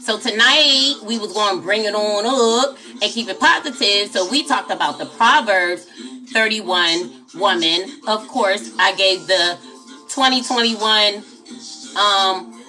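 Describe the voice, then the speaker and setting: A woman's voice: medium pitch, bright, forceful tone. A woman hosting a casual late-night livestream, chatty and talking straight to her viewers as y'all. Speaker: livestream host.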